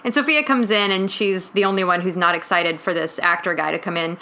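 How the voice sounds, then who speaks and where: A woman's voice: on the low side, fairly quick, bright, forceful tone. A woman hosting a podcast, chattily recapping a television episode. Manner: chatty, acts out characters' lines. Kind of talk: casual chat, episode recap.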